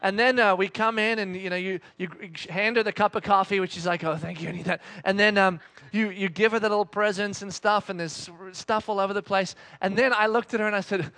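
A man in his thirties giving a conversational sermon as a pastor, an animated storyteller who acts out the voices of his family. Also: high-pitched, fairly quick, no echo.

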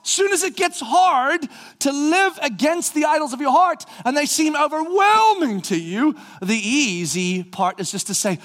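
A man preaching a sermon, animated, acting out the people's voices and rising to shouts. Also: extremely high pitch. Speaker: pastor.

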